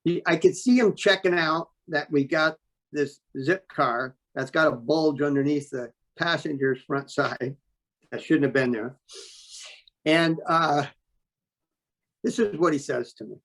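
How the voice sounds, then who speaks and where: A man telling a story as an interview guest, talking in a blunt, animated way and swearing freely. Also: a little high, measured pace. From New York State. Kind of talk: casual storytelling.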